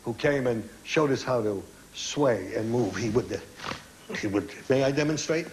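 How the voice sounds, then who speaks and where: An older man spins a chat show anecdote with animated energy, slipping into quoted voices. The studio has a faint hiss and ambience behind him. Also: medium pitch, normal speed. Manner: animated storyteller acting out quotes. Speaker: guest.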